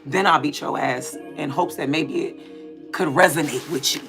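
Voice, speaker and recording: A woman from Maryland with a hoarse voice from yelling and allergies, telling a story in a blunt, profane, heated way as she chats at home. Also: low voice, normal speed. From Maryland, USA. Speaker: vlogger. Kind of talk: casual storytime chat. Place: home room with windows cracked open. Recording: music playing behind.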